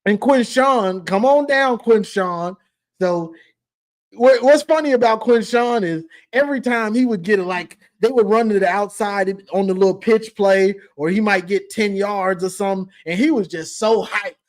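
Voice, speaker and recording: A man's voice: sits high, normal speed. A man hosting a call-in sports show, teasing and laughing through a casual rant.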